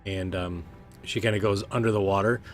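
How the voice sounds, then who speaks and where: Low-voiced man narrating as game master. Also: brisk, faint music behind. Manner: relaxed, hesitant with many fillers.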